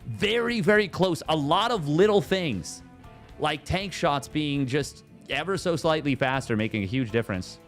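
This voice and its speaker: A man casting a strategy game tournament on his own, jokey and excitable, riffing between plays. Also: fairly high pitch, moderate pace, faint music behind. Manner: jokey, excitable, riffs and sing-songs. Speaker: esports caster. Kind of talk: solo game commentary.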